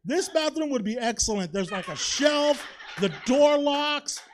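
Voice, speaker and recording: A man's voice: very high-pitched, animated, unhurried. A man doing a chatty, confessional stand-up set on a comedy theater stage, tossing in "you know?" and "right?" all the time.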